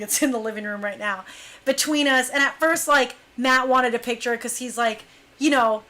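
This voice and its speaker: A young adult woman with a high voice shares a laid-back story about her dance crew, acting out what people said and laughing frequently in her animated telling.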